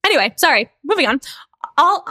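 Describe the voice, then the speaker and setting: A woman co-hosting a podcast, animated and quick to laugh, swearing freely. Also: high-pitched, dry recording, clean studio sound. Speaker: podcast co-host. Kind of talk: casual chat.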